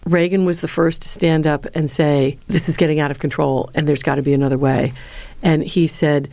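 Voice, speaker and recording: A middle-aged woman, a former speechwriter and lecturer, answering interview questions with earnest, lively storytelling. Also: low voice, a little fast, gravelly, no echo. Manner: earnest, lively storyteller who acts out quotes.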